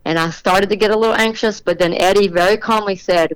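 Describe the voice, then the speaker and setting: A middle-aged woman being interviewed on a podcast, telling an animated story about her racing and acting out the voices of the people in it. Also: mid-range voice, fairly quick, hardly any pauses, clean tone, no echo, low-quality recording. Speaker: drag racing motorcycle rider, guest.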